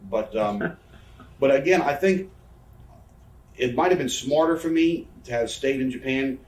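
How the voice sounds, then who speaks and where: Recorded from a distance in an echoey room, this man in his thirties speaks at a medium pitch and a measured pace. As a guest on a casual interview, the pro wrestler spins wandering, foul-mouthed stories that poke fun at himself.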